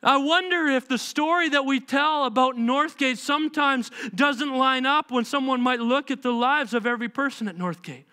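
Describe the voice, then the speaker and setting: A male pastor preaching a sermon in a church, emphatic and animated, firing off rhetorical questions. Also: extremely high pitch, moderate pace, few pauses, smooth. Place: church sanctuary.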